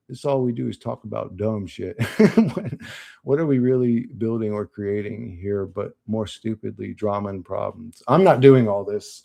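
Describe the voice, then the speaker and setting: A man's voice: mid-range voice, creaky, mellow. A young man streaming live, chatting casually and bluntly, cursing often and laughing at chat.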